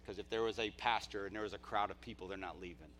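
A male pastor preaching at a church service, impassioned, dropping to quiet asides and then rising to near-shouts. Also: deep voice, quick pace, slight background noise. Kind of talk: live sermon.

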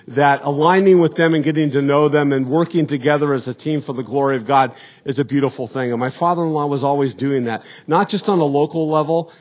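Middle-aged pastor guy preaching, earnest, slightly high voice, kinda dull lo-fi sound. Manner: earnest, repeats words, voice drops low at ends of points. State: emotional, choked up. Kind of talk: sermon.

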